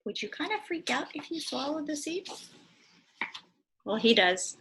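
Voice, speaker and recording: A woman teacher reading a picture book aloud to young children in an animated way, stopping to ask them questions. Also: high voice, a little slow, long pauses.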